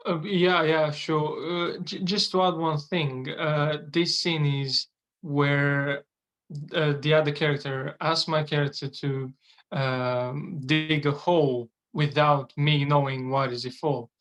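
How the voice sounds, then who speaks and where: Acting student guy, slow and flat, lots of uh, hesitant. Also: fairly high pitch, rough recording.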